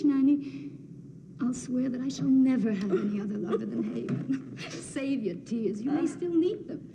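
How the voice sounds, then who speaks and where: An actress playing a young princess in a film drama, speaking softly and intensely, often close to a whisper. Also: female voice, fairly high pitch, vocal fry, background noise. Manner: soft, hushed, intense, often near a whisper. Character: defiant young princess, quietly resolved.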